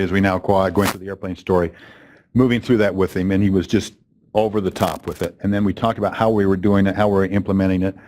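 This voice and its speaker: Opening a training event, a middle-aged man tells a story to a live audience in a chatty, conversational keynote full of fillers and self-corrections. His voice is on the low side with a darkish tone, and there's a little hiss or hum.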